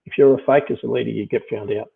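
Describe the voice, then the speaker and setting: A middle-aged man talks casually and circles his points with endless fillers. His voice has a gravelly fry at its base. It sounds squeezed through a narrow, phone-like line. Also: mid-range voice, steady tone, quick pace. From Australia. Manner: rambling, many "you know" fillers and restarts. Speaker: business leader guest. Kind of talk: casual conversation.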